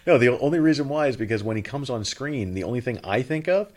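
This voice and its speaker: A man's voice: medium pitch, lively intonation, fast talker, a little mellow. A man co-hosting a casual podcast, stammering on his words, blunt and good-humored in his opinions. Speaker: podcast co-host.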